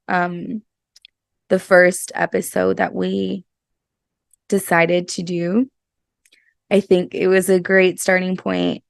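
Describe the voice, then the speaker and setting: A woman's voice: medium pitch, vocal fry, a little mellow, no echo, studio quality. A woman hosting a casual self-help podcast, earnest and emphatic, often repeating her words. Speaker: podcast host.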